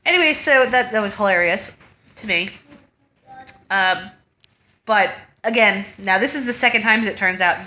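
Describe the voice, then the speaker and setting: A woman's voice: medium pitch, sharp tone. A woman in her thirties, a mother chatting casually to camera and telling a story with frequent laughter. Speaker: mother vlogger. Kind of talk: casual chat.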